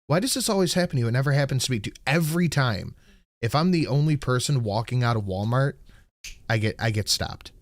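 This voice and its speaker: A man's voice: mid-range voice, expressive, brisk, dry recording. A man co-hosting a podcast, bluntly and with exasperation recounting everyday run-ins in casual chat. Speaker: podcast co-host.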